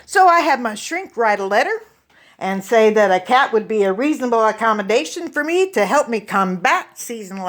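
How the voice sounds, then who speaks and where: Lively Oklahoman woman doing stand-up. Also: on the high side. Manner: profane, deadpan asides, storytelling. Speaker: stand-up comedian. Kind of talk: stand-up comedy routine.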